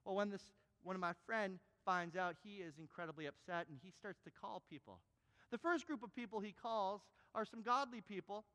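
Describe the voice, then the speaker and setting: A man delivers a sermon in a high voice, dropping to soft asides and then rising to loud, insistent emphasis. His words ring out with a long reverb, as in a large church hall. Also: normal speed. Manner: animated preaching, swinging from quiet to loud and emphatic. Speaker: pastor.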